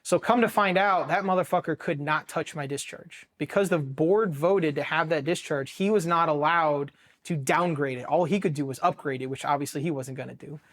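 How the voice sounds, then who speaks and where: Man, from Ohio, military veteran, candid storytelling, profane, emotional, somewhat high voice. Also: normal speed, a bit bright. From Ohio, USA. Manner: blunt, heavily profane, emotional.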